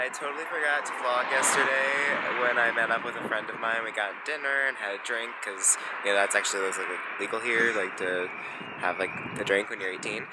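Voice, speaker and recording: Young american guy rambling in his travel vlog, loud background noise the whole time. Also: medium pitch. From United States. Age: young adult. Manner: chatty, rambling, laughs often. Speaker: vlogger.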